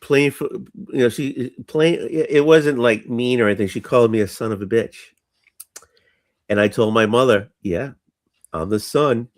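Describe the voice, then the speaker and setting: A man's voice: mid-range voice, normal speed. A man in casual chat who interrupts with questions and repeats himself.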